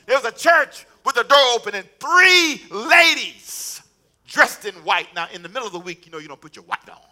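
A man preaching a sermon as a pastor, telling a story with animated repetition and acted-out dialogue. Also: extremely high pitch, moderate pace.

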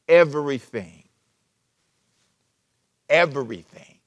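A male pastor preaching a sermon, animated and repeating himself as he restarts phrases. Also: sits high, moderate pace. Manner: animated preaching, sudden shifts between loud emphasis and soft asides.

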